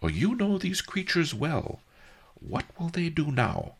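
A man doing a measured old scholar. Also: fairly high pitch, huge pitch swings, gravelly, slightly rough, voice pushed up, heavily acted. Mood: curious. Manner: measured, explanatory.

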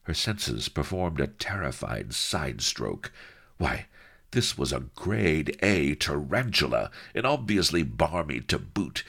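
A man's voice: very deep voice, very animated, unhurried, creaky, a bit bright, slightly rough. A man narrating a comic audiobook with wry, theatrical asides to the listener.

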